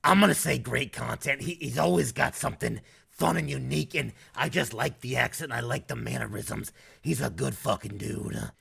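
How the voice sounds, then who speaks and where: YouTuber, man from North Carolina, Southern accent, raspy fry-heavy voice, crude casual commentary. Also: mid-range voice, moderate pace, fairly bright tone. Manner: crude, profane and blunt.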